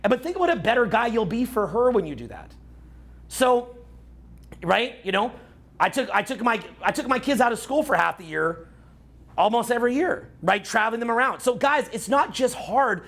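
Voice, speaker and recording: Brash Canadian coach in his forties, raspy throat, pitch swinging wide, cursing through a live talk. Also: moderate pace. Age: 40s. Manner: brash, profane, animated lecturing with mocking put-on voices. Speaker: dating and social skills coach. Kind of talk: live seminar talk to a crowd.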